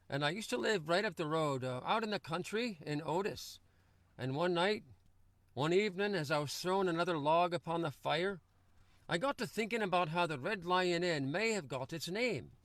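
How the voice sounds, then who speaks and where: A man from Western Massachusetts spins a folksy spoken word tale in a lilting, chuckling way. His voice sits a little high and sounds bright and forward. It is recorded in a dry car interior. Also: no echo. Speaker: singer-songwriter. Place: inside a car. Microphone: computer or phone mic for an online meeting.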